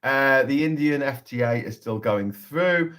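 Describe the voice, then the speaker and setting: A man's voice: mid-range voice, measured pace, a bit bright. A man hosting a casual political livestream, talking in a sarcastic, sweary, rambling way.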